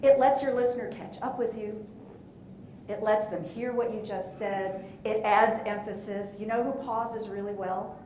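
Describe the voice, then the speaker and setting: A woman coaches a roomful of people at a conference, her talk lively and playful. She keeps asking the audience questions. Her voice carries through an echoey room over a faint low rumble. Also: normal speed. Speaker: presentation coach. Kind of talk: live conference workshop talk.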